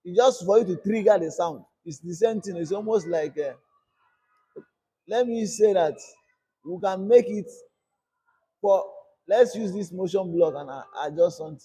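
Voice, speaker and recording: Husky high-voiced male coding teacher. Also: moderate pace, long pauses, mellow. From Nigeria. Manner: repetitive call-and-response teaching, asks "what?" and answers himself. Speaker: coding instructor. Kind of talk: screen-recorded coding lesson.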